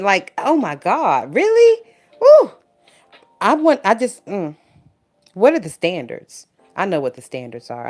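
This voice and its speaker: A young woman hosting a casual commentary stream, swearing, laughing and sounding exasperated as she reads chat comments. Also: medium pitch. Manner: profane, exasperated, laughs a lot. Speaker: YouTube commentary host. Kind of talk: casual reaction commentary reading live chat. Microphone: phone.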